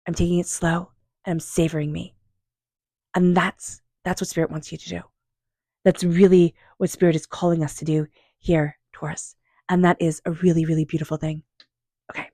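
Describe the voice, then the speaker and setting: Calm, low-voiced woman reading tarot. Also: no room sound, studio quality. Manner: calm, unhurried, affirming, softly repeats invocations to spirit guides. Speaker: tarot reader. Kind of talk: tarot card reading monologue.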